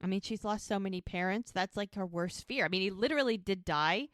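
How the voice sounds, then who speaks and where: A woman co-hosting a podcast, retelling the scenes of a TV episode in a lively, chatty way. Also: mid-range voice, brisk, no room sound, studio quality. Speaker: podcast co-host. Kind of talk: casual episode recap chat.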